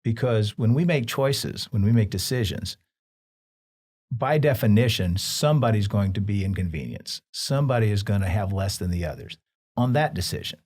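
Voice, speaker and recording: A man hosting a podcast, giving reflective, measured advice in conversation. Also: fairly low pitch, lively intonation, a little mellow. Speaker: podcast host.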